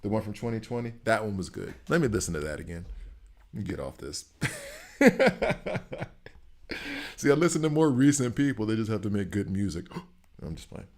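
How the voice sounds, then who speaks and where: A man's voice: lowish voice, animated, normal speed, long pauses, a little mellow. A middle-aged man streaming a game, rambling through opinions and laughing often in casual chat. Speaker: gaming streamer.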